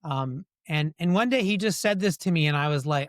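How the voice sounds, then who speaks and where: A man answering interview questions in a lively storytelling way, often slipping into quoted dialogue. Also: on the high side, a little fast, no echo, studio quality. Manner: animated storyteller who acts out quoted dialogue. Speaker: guest.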